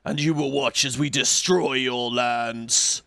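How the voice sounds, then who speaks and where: A man voicing a sinister scheming old king, slow and theatrical, as he retells a game trailer. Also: medium pitch, fairly even intonation, creaky, pushed and bright, dry recording, full character voice. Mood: menacing.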